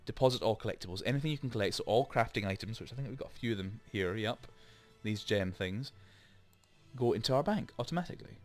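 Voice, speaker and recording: A man hosting a let's play, chatting and rambling through explanations with lots of asides, into a desk microphone. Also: lowish voice. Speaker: gaming channel host.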